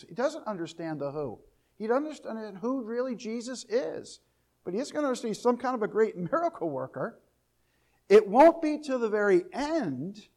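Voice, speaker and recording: Man, high voice, Bible teacher, reads verses aloud then explains, repeats questions for emphasis. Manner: repeats key questions, rising to louder emphasis.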